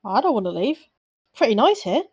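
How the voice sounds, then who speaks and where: A woman playing a tabletop game, tossing in quick joking remarks. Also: on the high side, sing-song, darkish tone, slightly rough, muffled recording. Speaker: player.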